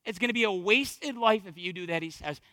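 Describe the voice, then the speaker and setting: A man preaching a sermon as pastor, swinging from hushed, low passages to fervent, building exhortation and repeating phrases for emphasis. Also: a little fast, no echo.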